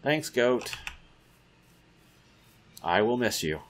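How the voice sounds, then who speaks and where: A man's voice: mid-range voice, big pitch swings, drawn-out words, a little hiss or hum. A man giving casual let's-play commentary, muttering to himself and taunting the creatures in the game. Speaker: gamer.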